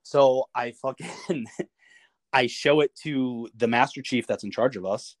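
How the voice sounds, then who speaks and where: A man, a navy veteran guest on a podcast, telling a story in a lively, casual way, cursing freely and acting out what others said. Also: medium pitch, unhurried, dry recording. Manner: animated storyteller, swears freely, acts out quoted lines with chuckles. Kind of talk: casual anecdote told in an interview.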